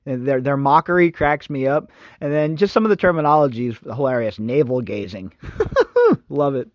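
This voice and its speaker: A man's voice: a little high, animated, brisk, dry recording, lo-fi sound. A male radio host giving a sarcastic, mocking, opinionated commentary monologue.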